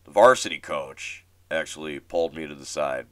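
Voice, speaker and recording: Low-voiced man telling a rambling story. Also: moderate pace, a bit bright, no echo. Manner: rambling with many restarts and fillers, self-deprecating. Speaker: podcast host. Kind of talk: casual storytelling monologue.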